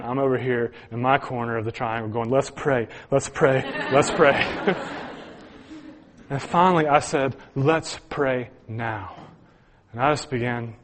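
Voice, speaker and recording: A man preaching, telling a personal story to his congregation with earnest, chuckling delivery and frequent restarts. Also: medium pitch. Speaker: pastor. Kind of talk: sermon storytelling.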